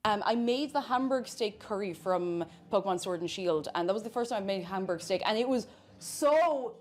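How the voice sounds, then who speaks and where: A woman's voice: medium pitch, animated, normal speed. A woman streamer chatting casually and playfully while she cooks, rambling from one thought to the next. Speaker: cooking streamer.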